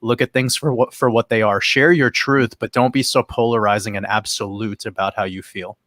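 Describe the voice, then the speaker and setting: Measured, reflective male livestream guest. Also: fairly low pitch, fairly even intonation, a bit bright, no room sound, studio quality. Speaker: guest crypto creator. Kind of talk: casual livestream chat.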